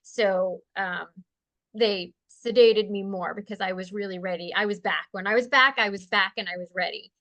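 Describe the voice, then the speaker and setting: Bright-voiced, expressive woman telling a story. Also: mid-range voice. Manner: animated and expressive, laughs often; slows and softens when speaking of peace. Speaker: guest sharing a spiritual experience. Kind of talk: casual conversational storytelling.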